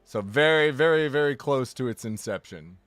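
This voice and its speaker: A man's voice: medium pitch, expressive, normal speed, fairly bright tone, no room sound, faint music behind. Rambling, jokey male streamer. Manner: rambling, self-correcting, jokey. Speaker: live streamer. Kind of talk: casual live-stream chat.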